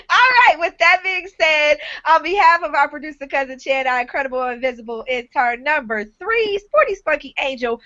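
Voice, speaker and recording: A woman's voice: sits high, lively intonation, brisk, hardly any pauses, sharp tone, highs cut off. A woman hosting a live online talk show, giving blunt, frank advice with casual swearing.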